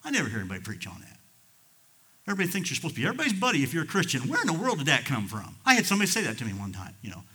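A pastor preaches in a bright, forceful voice. He tells folksy stories in a chatty way, then climbs into loud, emphatic bursts. The man sounds like he is in his own pulpit. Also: fairly high pitch, wildly swooping pitch, rapid-fire. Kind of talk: sermon.

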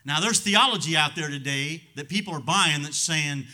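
Emphatic pastor preaching, bright voice. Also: male voice, a little high, animated, normal speed, hardly any pauses. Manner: emphatic, swings from loud to hushed. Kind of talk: sermon.

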